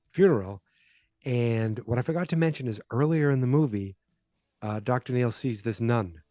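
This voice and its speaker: Mellow-voiced man rambling through a recap. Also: medium pitch, no echo, clean studio sound. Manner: rambling, chatty retelling. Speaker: podcast host. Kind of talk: casual movie recap.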